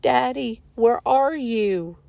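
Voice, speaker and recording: A woman's voice: steady tone, a little slow, creaky, no echo. A woman putting on a scared young farm boy. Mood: frightened. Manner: high, pleading calls. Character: frightened eleven-year-old farm boy. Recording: dull lo-fi recording.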